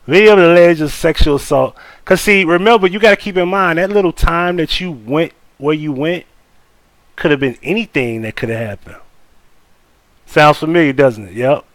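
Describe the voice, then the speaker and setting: A man's voice: a little high, normal speed, fairly bright tone, no room sound. A man hosting a live stream, giving blunt, profane, casual commentary and talking straight to his chat. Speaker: livestream host.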